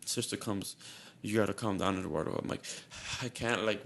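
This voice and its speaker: A man's voice: lowish voice, normal speed, vocal fry, a bit bright. A young man on a podcast telling a story in casual chat, rambling and repeating himself with a lot of "like", sounding shaky and nervous. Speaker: podcast co-host.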